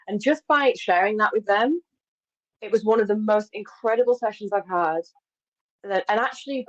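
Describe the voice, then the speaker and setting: A woman speaking as an interview guest, telling personal stories openly with lively self-corrections. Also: medium pitch. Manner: open, animated, frequent self-corrections and laughs. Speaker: guest, embodiment coach. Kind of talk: candid conversational storytelling. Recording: slightly dull, lo-fi audio.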